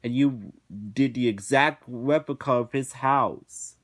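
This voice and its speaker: Speaking slowly in a medium-pitched, slightly bright voice, a man who reviews episodes delivers a casual rant. He restarts and repeats himself often and swears along the way.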